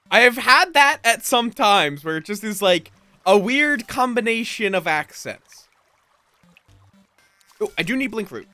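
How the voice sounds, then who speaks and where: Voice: medium pitch, animated, measured pace, pauses often, bright, forceful tone, no echo, soft background music. A streamer chatting casually through a live game session, rambling, swearing freely and at times drifting into a mock accent. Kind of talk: live gameplay commentary.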